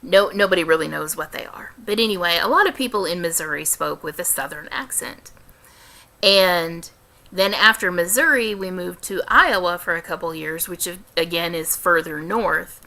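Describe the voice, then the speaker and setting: A young adult woman with a light Midwestern American accent, answering questions in a casual vlog with careful, deliberate diction and frequent restarts. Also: lowish voice, pushed and bright. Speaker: vlogger.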